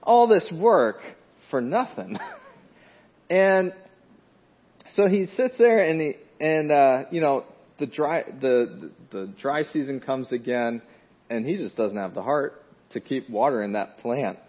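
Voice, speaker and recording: Husky-voiced man telling a sermon story. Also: measured pace. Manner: conversational, many fillers and restarts; rises loud and high in dramatic moments. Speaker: preacher. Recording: dull lo-fi recording.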